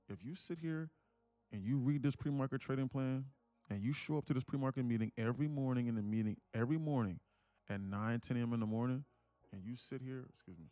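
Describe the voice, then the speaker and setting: A man hosting a live day-trading stream, preaching emphatically and repeating himself as he pitches memberships. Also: dark tone, no echo. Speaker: day-trading livestream host.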